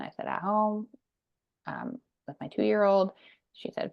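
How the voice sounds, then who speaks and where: A woman in her thirties tells her story as a podcast guest, earnest and emphatic. Her voice sits low with a gravelly edge. The recording sounds dull and lo-fi. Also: huge pitch swings, measured pace. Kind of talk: personal story in a podcast interview.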